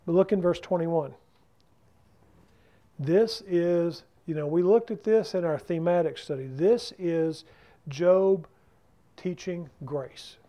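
A man leads a Bible study, his voice pitched high but dark and mellow in tone. He talks in a loose, conversational way and keeps putting questions to his listeners. The setting is a church class room. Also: slow pace, long pauses. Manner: keeps asking the group questions.

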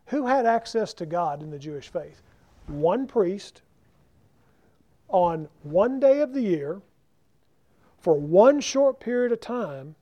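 A man preaching a sermon, emphatic and slowing down to stress key words. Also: high-pitched, warm tone. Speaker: pastor. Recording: dull lo-fi recording.

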